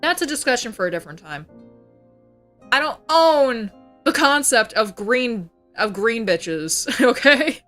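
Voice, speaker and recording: A young woman VTuber rants on her livestream in a heated, profane, casual way. Her voice sits a touch high and sounds bright and forceful. Faint music plays behind her. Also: very animated, unhurried. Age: young adult. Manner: profane, heated ranting with mocking put-on voices. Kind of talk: casual ranting livestream chat.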